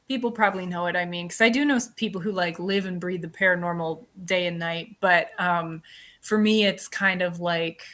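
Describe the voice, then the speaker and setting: A woman speaking as an interview guest, telling a story in a chatty, animated way with lots of filler words. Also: fairly low pitch, normal speed. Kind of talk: casual interview chat.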